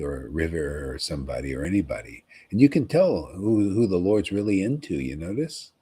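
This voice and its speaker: A man giving an informal, rambling devotional talk to followers, often pausing to ask "see?" and repeating himself. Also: low-pitched, sing-song, warm tone, husky. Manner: conversational, rambling, repeats words and asks "see?". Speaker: spiritual teacher.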